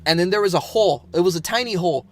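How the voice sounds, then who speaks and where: A man's voice: sits high, racing. A man, a podcast co-host, telling a rambling story in casual chat with lots of fillers and bursts of laughter.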